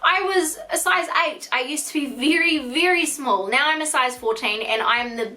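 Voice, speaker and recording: A woman of twenty-five with a New Zealand accent, speaking in a bright, crisp tone with a slightly high pitch. She tells a personal story to camera in a frank, conversational way, peppered with "like.". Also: normal speed, few pauses. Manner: frank and chatty, heavy use of "like". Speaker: vlogger. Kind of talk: candid storytime monologue.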